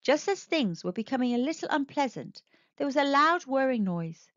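A woman reads a children's storybook aloud with lively expression and a fairly high voice. The recording is dry and close but slightly dull and lo-fi. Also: normal speed, no echo. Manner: expressive, animated.

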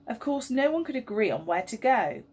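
A woman, a teacher reading a story aloud and leading school worship in a gentle, expressive way. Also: fairly high pitch, fairly quick, husky. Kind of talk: storybook reading and assembly talk.

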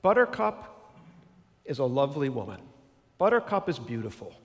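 A man's voice: mid-range voice, big pitch swings, moderate pace, long reverb tail. A male pastor giving a sermon in an earnest, conversational storytelling manner.

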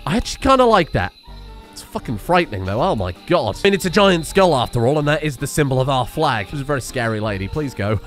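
A man giving excitable, sweary let's play commentary and yelling at the game. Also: mid-range voice. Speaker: game streamer.

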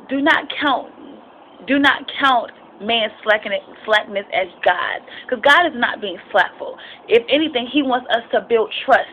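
A woman's voice: a little high, lo-fi sound, slight background noise. A young adult woman giving an informal, impassioned devotional talk and personal testimony. She speaks expressively, rambles with restarts and drops in frequent amens. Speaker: Christian vlogger sharing a devotional.

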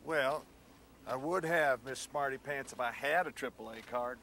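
An actor playing a dry, sarcastic fiancé on a road trip who bursts into yelling. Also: male voice, medium pitch, moderate pace, a little hiss or hum. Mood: snide. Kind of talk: comedy sketch acting.

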